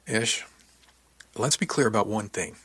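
A patient, wry woman section chief in an audiobook, soothing and lightly teasing, voiced by a man reading. The voice is low and husky, recorded dry and close. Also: a little slow, no echo. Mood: gently steady. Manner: gentle, steady, teasing.

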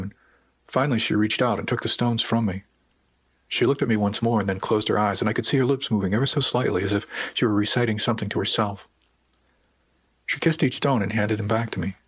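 A man calmly narrating a first-person novel as an audiobook reader, with a husky voice. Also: fairly low pitch, dry recording. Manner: calm, measured storytelling.

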